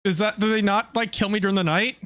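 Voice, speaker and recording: A man streaming a game live, talking casually and excitably and swearing freely. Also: high voice, fast talker.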